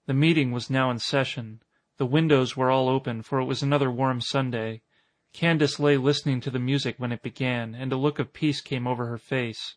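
A man reading a short story aloud in a measured, even narration. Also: medium pitch. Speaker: audiobook reader. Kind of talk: scripted narration.

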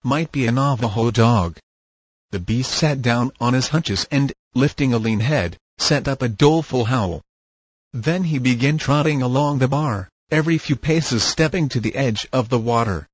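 A man narrating an audiobook in a steady, measured reading voice. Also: medium pitch, slightly rough, no echo.

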